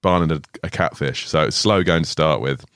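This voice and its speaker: A young man in his twenties with an extremely low, rumbling voice tells stories in a podcast studio. His delivery is relaxed and full of swearing, with laughs breaking through. The sound is close and dry, with no room echo. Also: fairly quick, smooth. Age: 20s. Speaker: podcast guest. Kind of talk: casual storytelling chat.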